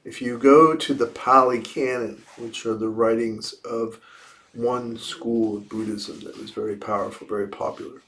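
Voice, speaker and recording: A man speaking at an unhurried, deliberate pace as he gives a dharma talk. His pitch sits in an ordinary middle range. He poses questions to his listeners and circles back over key phrases as he works through a teaching. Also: fairly bright tone. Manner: reflective, asks rhetorical questions and repeats key phrases. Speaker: Buddhist teacher. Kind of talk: dharma talk after meditation. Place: livestreamed evening service.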